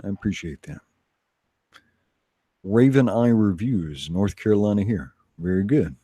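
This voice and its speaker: A man's voice: fairly low pitch, lively intonation, a little slow, dark tone, slightly rough, dry recording. A man hosting a casual online chat, rambling and self-deprecating. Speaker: host.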